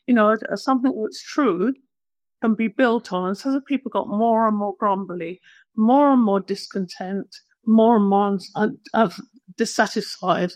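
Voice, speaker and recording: A woman's voice: mid-range voice, a little slow, no echo. Plain-spoken woman preaching. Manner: conversational, self-deprecating, plain-spoken. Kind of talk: sermon.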